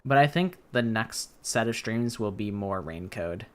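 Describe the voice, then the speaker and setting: A tired-sounding man with a lowish, smooth voice streams a game at a measured pace, his intonation lively. His casual gameplay chat is rambling and hesitant, often trailing off, with game music in the background.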